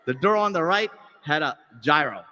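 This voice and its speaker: Heard through a muffled recording with a long reverb tail, a man from the United States hosts from a big convention hall stage. Speaking at a moderate pace, he tells a comic story with lively energy, dropping his voice to play the characters' lines.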